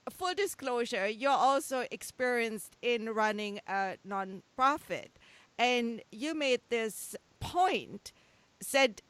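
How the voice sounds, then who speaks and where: Friendly higher-voiced woman hosting a podcast. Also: lively intonation, slow, a bit bright, dry recording. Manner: friendly, laughs easily. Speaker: podcast host. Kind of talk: casual podcast conversation.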